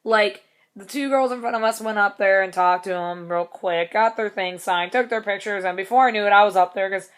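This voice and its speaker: A woman's voice: mid-range voice, a little fast, clean tone. A young woman telling a story in a casual vlog, rambling, swearing casually and laughing between lines. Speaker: vlogger.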